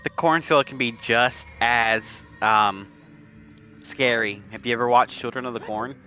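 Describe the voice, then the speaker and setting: A man giving casual commentary on a video game race, jokey and quick to tease and laugh. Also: medium pitch, bright, forceful tone, faint music behind, rough recording. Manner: jokey, laughs easily, teasing.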